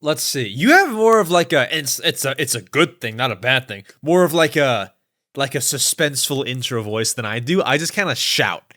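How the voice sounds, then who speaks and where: A man's voice: mid-range voice, expressive, normal speed, bright, forceful tone. A man hosting a podcast, chatting casually with a guest and signing off in an upbeat, friendly way. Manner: friendly, upbeat sign-off banter. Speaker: podcast host.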